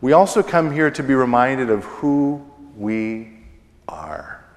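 A middle-aged man preaching a sermon as pastor, slow and deliberate, pausing often and letting his phrases fall away at the ends. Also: mid-range voice. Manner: slow, deliberate preaching with pauses and falling endings. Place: church sanctuary. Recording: long church reverb.

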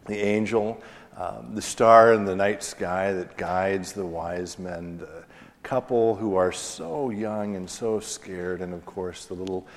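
Male pastor, 40s, lowish voice, chatty storytelling sermon in a church with long reverb. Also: slow pace. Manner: conversational storytelling with fillers, self-deprecating humor. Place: church sanctuary.

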